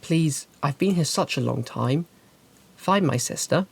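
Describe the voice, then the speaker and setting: A woman voicing a sweet, lonely young elf ghost woman, speaking gently and politely as a game master. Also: lowish voice, sing-song, normal speed, no echo. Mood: wistful pleading.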